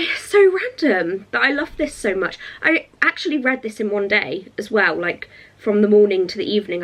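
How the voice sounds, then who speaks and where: A young woman, chatting excitedly in a casual reading vlog. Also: medium pitch. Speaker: book vlogger.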